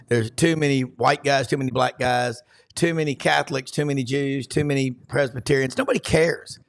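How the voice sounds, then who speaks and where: Folksy rambling sports talk host. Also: male voice, mid-range voice, vocal fry, a bit bright. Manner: folksy storyteller, rambling anecdotes.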